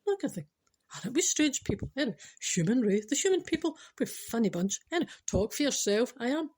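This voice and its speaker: Here a Scottish woman in her forties spins a meandering funny tale, talking fast in a fairly high, sing-song voice that is husky and darkish in tone. Chatty and self-interrupting, she often adds "I know," ad-libs and goes off on tangents.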